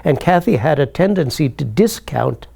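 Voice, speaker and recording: A therapist, a man, recalls a case from his training in a reflective, measured storytelling manner with small restarts. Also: a little high, animated, gravelly, warm tone, breathy edge. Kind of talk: spoken anecdote.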